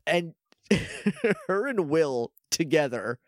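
A man co-hosting a podcast, chatting casually about a show, laughing often and mimicking characters in quick asides. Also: fairly high pitch, very animated, no echo, studio quality. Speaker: podcast co-host. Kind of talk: casual chat recapping a show.

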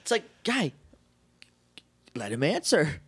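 A man co-hosting a podcast, recapping an episode in casual chat with jokes and quick impressions. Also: on the high side, husky. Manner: jokey, animated retelling with quick bits of mimicry. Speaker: podcast co-host.

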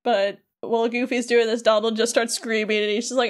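A podcast co-host, a woman, talking through a video game in easy conversation. Her voice sits a little high, and she slips into playful put-on voices when she quotes the characters. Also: a little fast, few pauses. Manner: animated, acts out characters' lines in playful voices. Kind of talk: casual chat recapping a game.

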